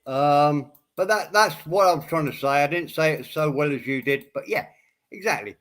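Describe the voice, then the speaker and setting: A man's voice: on the high side, moderate pace, fairly bright tone. A man chatting casually on a livestream, a little drunk and rambling. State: a bit drunk. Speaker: co-host guest on stream. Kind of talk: casual chat.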